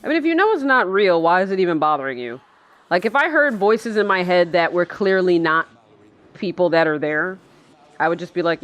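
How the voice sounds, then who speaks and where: Indoors in a chair, a woman riffs on a film she's watching in casual live commentary, full of sarcasm, swearing, and laughter. Her voice is on the low side, and she talks briskly and animatedly.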